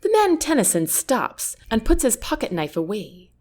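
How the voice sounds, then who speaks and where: Narrating an audiobook of a novel told in the first person, this woman uses a slightly high voice at an ordinary pace. She brings an expressive, character-focused style to the reading.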